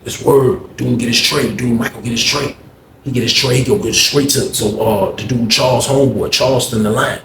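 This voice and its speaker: A man's voice: medium pitch, fairly even intonation, moderate pace, noisy background. A man casually telling a story to viewers in a slangy, rambling way, often addressing them as y'all. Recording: roomy echo, faint ambience.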